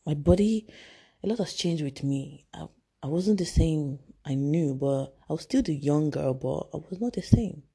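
A young woman, telling a personal story in a halting, emotional way with many restarts. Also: sits low, lively intonation, warm tone, slightly rough. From Nigeria. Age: young adult.

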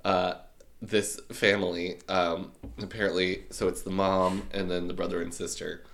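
A man with a fairly low voice co-hosting a podcast in casual chat. He is unwell and on antibiotics. His humor stays dry and offhand. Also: flat delivery, normal speed, fairly bright tone. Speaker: podcast co-host.

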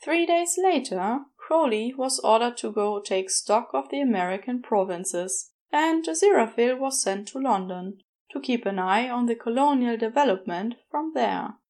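A woman narrating a fan story as a podfic reader, in a measured, gentle storytelling manner. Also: fairly high pitch, expressive.

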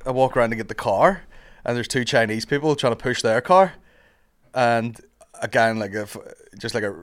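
A young man, a stand-up comedian chatting casually and telling sweary, animated stories full of acted-out quotes. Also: mid-range voice, brisk. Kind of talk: casual chat between comedians.

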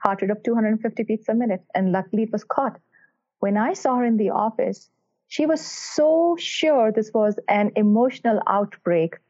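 A woman's voice: fairly high pitch, normal speed, darkish tone. A woman cardiologist answering podcast interview questions in an earnest, emphatic way, telling stories about her patients. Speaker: cardiac electrophysiologist guest. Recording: tinny phone-line sound.

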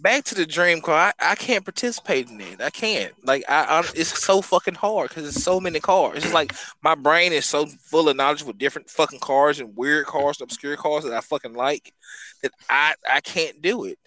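Bright-voiced, swearing podcast co-host man. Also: on the high side, expressive, moderate pace, no room sound, low-quality recording. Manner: profane, hesitant, thinks aloud with many ums. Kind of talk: casual car banter.

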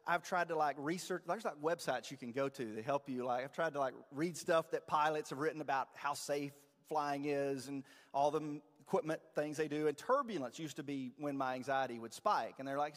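A man preaching to his congregation in a loose, animated, self-deprecating way. His voice sits a little higher than most men's. The sound carries the long reverb of a church sanctuary. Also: brisk, few pauses. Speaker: pastor. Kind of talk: sermon.

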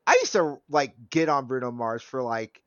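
A man's voice: medium pitch, moderate pace, clear, resonant tone, no room sound, highs cut off. A man in his thirties in casual chat, rambling and laughing often. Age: 30s.

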